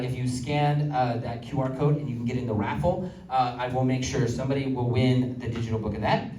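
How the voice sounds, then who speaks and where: A man's voice: mid-range voice, dark tone, recorded from a distance. A man doing a stand-up comedy set and telling stories in a chatty way, with lots of fillers. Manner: chatty storytelling with filler words. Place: comedy venue with live audience. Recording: roomy live audience recording from afar.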